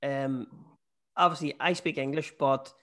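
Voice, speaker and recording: A man's voice: mid-range voice, steady tone, a little slow, a bit bright. Northern Irish man hosting a casual podcast. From Northern Ireland. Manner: conversational, swears casually. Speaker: podcast host. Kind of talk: casual chat.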